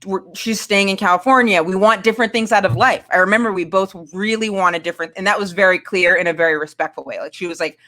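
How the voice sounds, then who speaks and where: A woman's voice: medium pitch, fast, hardly any pauses, bright, forceful tone. Woman from Maine, 30s, candid, rambling storyteller, casual chat. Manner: candid, rambling with many fillers and restarts. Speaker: guest.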